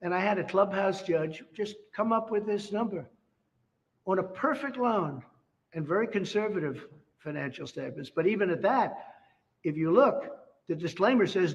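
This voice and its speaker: A man making emphatic public remarks, full of repetition and big claims. His voice sits somewhat high. The recording is muffled and lo-fi, with a long hall reverb behind it. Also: animated, normal speed. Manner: emphatic, repetitive, boastful, superlatives. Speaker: politician.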